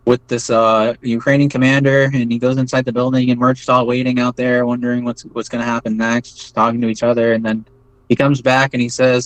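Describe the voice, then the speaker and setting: Recounting events as an interview guest, this man, once a foreign volunteer fighter, meanders through his story with many fillers and frequent "right?" check-ins. His ordinary-pitched voice has a level tone and moves fairly quickly. The rough recording is dry and close, with little room around him.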